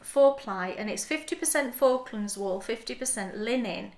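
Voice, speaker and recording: A woman's voice: a little high, moderate pace, darkish tone, roomy sound. A woman, co-hosting a knitting podcast in easygoing chat, showing off yarn and often restarting her sentences. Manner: chatty, restarts often, shows items to camera. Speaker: podcast co-host.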